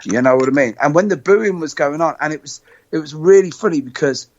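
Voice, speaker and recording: A man's voice: a little high, fairly quick, a little mellow. Rambling sweary man on a podcast. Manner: rambling, repeats words, swears freely. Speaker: panelist. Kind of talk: casual podcast chat. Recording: dull lo-fi podcast audio.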